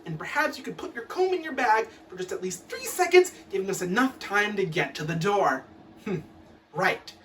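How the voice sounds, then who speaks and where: A woman's voice: mid-range voice, expressive, normal speed, recorded from a distance, slight background noise. A woman performing a comic recital of poems in a mock-stern, theatrical teacher's tone.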